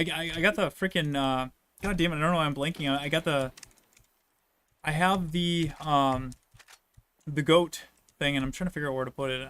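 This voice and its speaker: Guy hosting a game stream, kinda high voice, smooth, chill and rambly. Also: a bit bright. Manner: laid-back, rambling, joking. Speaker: streamer host playing the game. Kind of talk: casual stream chat.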